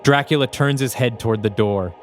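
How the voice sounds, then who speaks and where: A man co-hosting a podcast, reading aloud a screenplay he wrote in steady, descriptive narration. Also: medium pitch, brisk, faint music behind. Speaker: podcast co-host.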